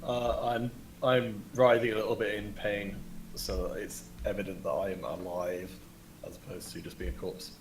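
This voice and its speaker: A man's voice: lowish voice, little pitch movement, normal speed, roomy sound, background noise. A man playing a tabletop game, chatting casually and in an easygoing way. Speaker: player.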